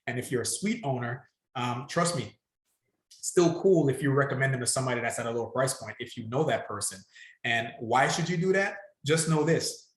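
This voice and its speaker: A man's voice: mid-range voice, fairly bright tone, echoey room. A man talking in a casual podcast conversation as a salon business coach, emphatic and repeating his key points.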